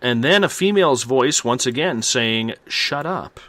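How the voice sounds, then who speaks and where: A man hosting a radio show, reading out listener responses from the chat in an unhurried way. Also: mid-range voice, expressive, a bit bright, no room sound.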